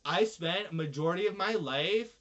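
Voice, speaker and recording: Man from Canada, fairly high voice, ranting and swearing, muffled lo-fi sound. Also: moderate pace, fairly bright tone. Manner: profane, ranting, exasperated. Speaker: influencer. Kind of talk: casual monologue. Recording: dull lo-fi recording.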